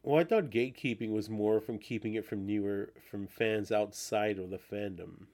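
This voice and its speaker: A man's voice: on the low side, moderate pace, a little mellow. Casual, swearing podcast man. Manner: rambling, swears a lot, restarts often. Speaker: podcast host. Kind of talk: casual chat.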